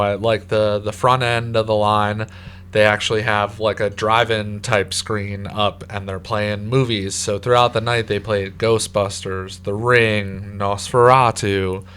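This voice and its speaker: Chill young dude, slightly low voice, says like a lot, recapping a haunt trip. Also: male voice, flat delivery, measured pace, fairly bright tone, a little hiss or hum. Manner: laid-back, heavy on filler "like". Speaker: co-host. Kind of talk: casual chat.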